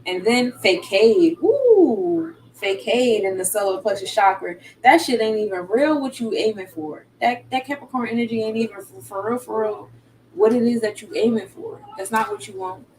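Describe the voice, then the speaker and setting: A woman's voice: on the high side, expressive, moderate pace, darkish tone, recorded from a distance, a little hiss or hum, rough recording. A woman giving a casual live-stream tarot reading, loose and slangy with laughing asides. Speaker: tarot reader.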